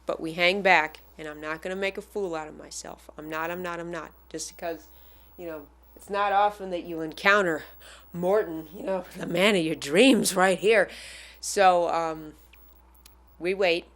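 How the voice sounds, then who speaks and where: A woman casually telling a personal anecdote as a fan, animated and acting out the people she quotes. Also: on the low side, moderate pace. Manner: animated, acts out the voices of the people in her story.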